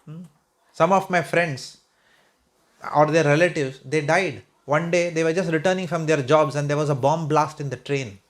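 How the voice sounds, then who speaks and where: A man's voice: a little high, moderate pace. A man from Mumbai with an Indian English accent, giving a conversational spiritual talk to a home group, wry and sometimes sarcastic, often checking in with "right?" and "hmm?". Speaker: spiritual speaker.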